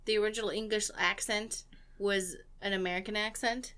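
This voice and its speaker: A woman's voice: medium pitch, fairly even intonation, a little fast, bright, forceful tone. A woman co-hosting a let's play, chatting casually and sharing playful fun facts while gaming. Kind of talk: casual gameplay chat.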